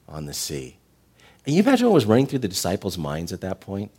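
A man's voice: sits low, fast talker, husky. Man preaching with big swings. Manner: animated preaching, swings from loud emphatic peaks to soft tender passages. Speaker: pastor. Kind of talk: sermon.

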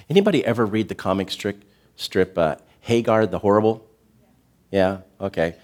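A man preaching a sermon as a pastor, earnest and direct with the congregation, slowing down to stress key words. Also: on the low side, a little mellow. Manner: talks directly to the congregation with asides.

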